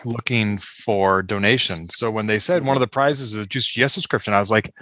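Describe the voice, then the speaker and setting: A man's voice: lowish voice, fairly quick, pushed and bright, dry recording. A man on a podcast panel chats casually with a wry, good-humored way of telling things. The recording is dry, with no room sound. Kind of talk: casual chat.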